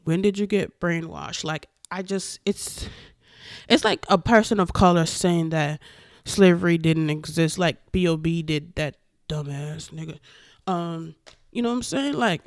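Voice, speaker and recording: A woman vlogger giving casual opinion commentary, animated and profane, with emphatic outbursts. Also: lowish voice, unhurried, no room sound, clean studio sound.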